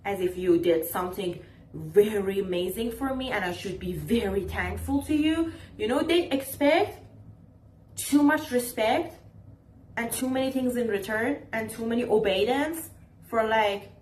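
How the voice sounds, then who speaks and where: A woman's voice: fairly high pitch, animated, a little slow, darkish tone, slight background noise. Exasperated, ranting woman vlogger. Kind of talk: casual talking-to-camera commentary. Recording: roomy echo, faint ambience.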